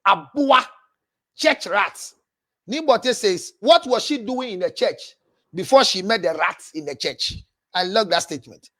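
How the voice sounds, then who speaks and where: A man's voice: sits high, animated, unhurried, sharp tone. A man with a Ghanaian accent, a counselor hosting a livestream, animatedly scolding while reading viewer messages aloud. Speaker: counselor and show host.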